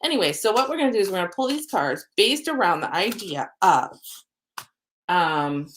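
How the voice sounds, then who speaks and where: A woman's voice: mid-range voice, big pitch swings, normal speed, fairly bright tone, a little hiss or hum. Chatty woman host, oracle card reader, upbeat and rambling on a livestream. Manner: chatty, rambling, frequent ums; spiritual, upbeat. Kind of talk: live-streamed card reading.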